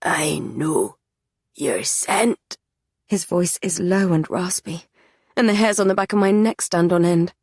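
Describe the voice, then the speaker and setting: A woman narrating a fantasy audiobook in the first person, measured and even. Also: on the low side.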